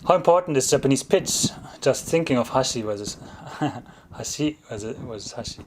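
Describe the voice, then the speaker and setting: In a casual livestream chat, a German-accented man who isn't a native English speaker responds to viewer questions at a moderate pace in a mid-range voice. A little hiss or hum is audible, and he frequently chuckles and reworks his wording.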